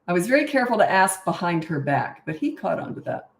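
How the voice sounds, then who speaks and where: A woman's voice: fairly low pitch, sing-song, quick pace, roomy sound. A woman in her sixties, a parenting coach answering questions in a casual livestream, telling stories in a chatty way with fillers and laughs. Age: 60s.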